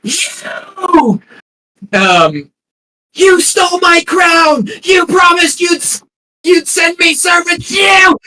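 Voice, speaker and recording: A man's voice: very high voice, lively intonation, very slow, bright, forceful tone, shouting, far from the mic, voice pushed up, heavily acted, rough recording. A man voicing a wiry, crazed woman who screeches accusations at the top of her voice. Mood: furious. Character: crazed wiry female garden witch.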